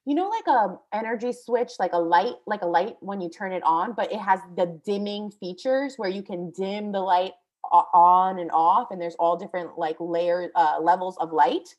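A young woman vlogger casually recounting a frightening experience, animated and full of fillers, with some swearing. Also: fairly low pitch, moderate pace, lo-fi sound. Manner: breathless, animated, many fillers. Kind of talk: casual storytelling.

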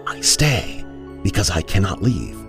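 A man's voice: low voice, very animated, a little slow, vocal fry, music in the background, exaggerated voice. A man voicing the ghost of a little girl in a whispery, airy voice. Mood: eerie.

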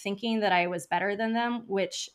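A woman guest on an interview podcast tells her stories casually. She talks in a chatty, animated way, dropping "like" into almost every sentence. Her pitch sits in a middle register for a woman. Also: moderate pace. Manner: chatty, frequent "like" fillers, animated storytelling. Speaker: podcast guest, funeral home founder.

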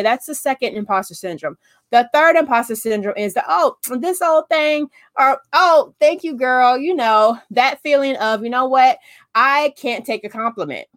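A woman coaching in a casual, chatty way, often checking in with "okay?" and acting out quotes in animated voices. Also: on the high side, no room sound, studio quality. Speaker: business coach. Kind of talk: casual talk to camera.

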